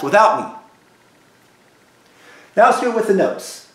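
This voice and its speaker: A man's voice: high voice, very animated. A man teaching a beginner cello lesson to children, leading call-and-response drills with patient repetition. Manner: slow, patient, repeats drills for kids. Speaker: school music teacher. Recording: echoey room.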